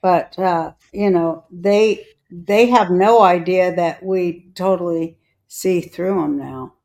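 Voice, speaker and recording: A woman's voice: lowish voice, takes it slowly, darkish tone. A woman hosting a podcast in casual chat, rambling with trailing restarts. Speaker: podcast host.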